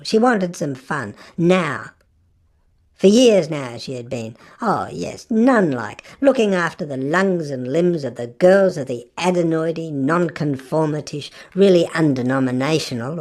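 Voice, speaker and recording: A woman narrating a literary audiobook in an expressive, wry manner with shifting emphasis. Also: low voice.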